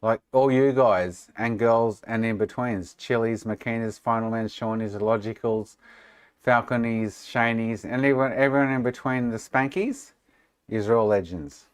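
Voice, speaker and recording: A man's voice: mid-range voice, steady tone, moderate pace, clear, resonant tone, no echo. An Australian man chatting casually and sarcastically with viewers on a live stream, swearing freely. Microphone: desk microphone.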